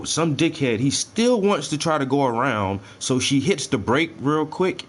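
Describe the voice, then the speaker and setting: A man telling a story in casual, profane slang while he paints, his delivery animated and loose. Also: medium pitch. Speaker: painting stream host.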